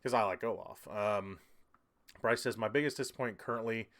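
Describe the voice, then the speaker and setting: A man's voice: on the low side, brisk, fairly bright tone. Chatty man hosting a livestream. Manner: rambling, reads viewer comments aloud, laughs often. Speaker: livestream host. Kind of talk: casual livestream chat.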